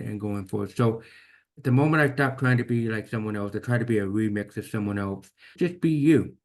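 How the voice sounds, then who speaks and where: A man with a deaf accent, telling his own story as an interview guest in an earnest, reflective way. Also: lowish voice. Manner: earnest, reflective, repeats words when restarting.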